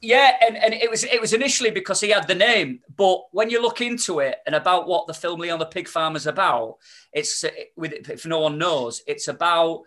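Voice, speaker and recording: A man's voice: high-pitched, brisk, a bit bright. A man, chatting as a podcast guest, rambling with many restarts and fillers. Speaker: podcast guest, spoken-word performer. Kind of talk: casual podcast chat.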